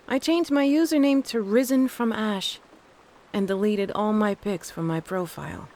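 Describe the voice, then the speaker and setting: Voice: mid-range voice, lively intonation, normal speed, darkish tone, slight background noise. A narrator reading a first-person scary story, with dry, wry asides. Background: faint thunderstorm ambience.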